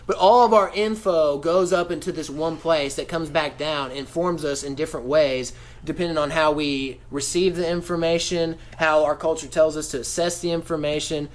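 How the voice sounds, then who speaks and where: A man's voice: fairly high pitch, steady tone, moderate pace. A man co-hosting a podcast, talking casually with a profane, rambling manner. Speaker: podcast co-host.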